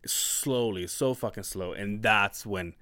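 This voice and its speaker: This is a man with a lower voice chatting on a podcast, emotional as he tells a personal story. He stumbles and restarts often and swears freely. The sound is dry and close, with no room around it. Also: bright, forceful tone, clear, resonant tone, no room sound. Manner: halting, full of restarts and swearing. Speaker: podcast co-host. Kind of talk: casual storytelling chat.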